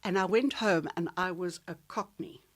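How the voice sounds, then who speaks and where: An older woman from South Africa's Eastern Cape, a veteran radio presenter, telling stories from her life in a relaxed interview. She speaks with a polished, theatrical delivery and laughs often. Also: fairly low pitch, moderate pace. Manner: warm storyteller who laughs often. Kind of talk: reminiscing interview chat.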